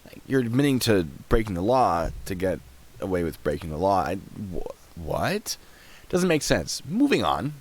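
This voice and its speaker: A young man giving casual live-stream commentary, chatty and quick to laugh, often trailing off while he clicks around. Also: low-pitched, sing-song. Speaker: streamer reacting to videos and chat.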